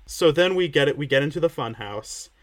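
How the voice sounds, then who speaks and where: A man co-hosting a casual podcast, recapping an episode with playful sarcasm and frequent laughter. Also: a little high. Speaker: podcast co-host.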